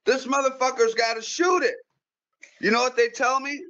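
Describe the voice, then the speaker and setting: A man telling a story in casual chat, animated and profane, with frequent repeated words and restarts. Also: very high voice, normal speed, dull audio. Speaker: guest pool player.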